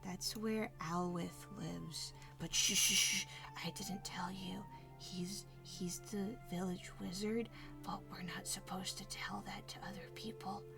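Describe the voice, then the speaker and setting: A woman voicing a small, secretive village boy who drops to a hush to share secrets. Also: on the high side, animated, measured pace, hardly any pauses, music in the background, voice pushed up. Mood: secretive whisper. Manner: hushed, whispering secrets.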